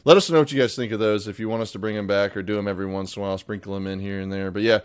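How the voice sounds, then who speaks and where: A man's voice: lowish voice, steady tone, very fast, clear, resonant tone, no room sound. A man co-hosting a podcast in casual chat, upbeat and talking straight to listeners. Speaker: podcast co-host.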